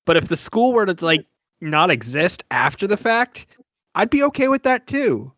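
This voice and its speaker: A man playing a tabletop game, talking in a dry, deadpan way. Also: high-pitched, moderate pace, no echo. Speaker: player. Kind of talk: tabletop role-play chat.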